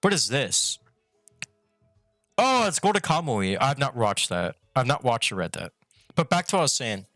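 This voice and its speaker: A man streaming a loose, profane rant, his words a little thick from the retainer in his mouth. His voice sits at an ordinary middle pitch and sounds dry and close, with soft music faintly underneath. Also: sing-song, normal speed, long pauses, no echo. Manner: rambling, blunt and profane, with frequent restarts. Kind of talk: casual opinion rant.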